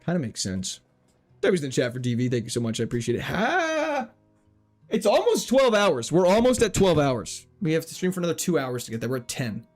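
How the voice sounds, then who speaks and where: A man streaming a video game, chatting casually with his viewers, joking around and reading their messages out loud. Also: medium pitch, fast, soft background music. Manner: jokey, animated, reads chat aloud. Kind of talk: casual livestream commentary.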